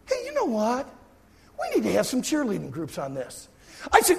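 A middle-aged man, a youth pastor, telling a funny story in a sermon and acting out his own shouting and cheering. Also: extremely high pitch, wildly swooping pitch, normal speed, gravelly.

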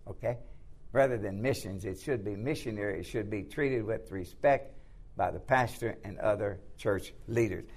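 A man teaching a class on church missions from slides. He uses many fillers and restarts, repeats his points for emphasis and keeps checking in with "okay?". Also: on the low side. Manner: repetitive, filler-heavy, restarts often. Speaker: missions instructor.

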